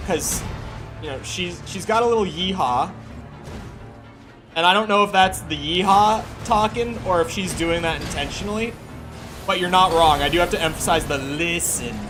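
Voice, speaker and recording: A man streaming a game live, chatting casually with viewers and swearing freely while he plays. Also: high voice. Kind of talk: live gameplay commentary. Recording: faint music behind.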